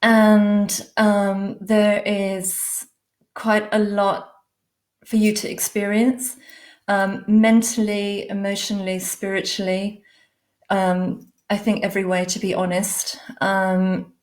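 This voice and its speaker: An English woman talking into a laptop mic during a live stream, greeting viewers one by one with lots of darlings and ums. She speaks slowly and gushes over every hello. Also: medium pitch, level tone. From England. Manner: warm, effusive, calls viewers darling and lovely; many fillers, unhurried. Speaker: livestream host, animal communicator.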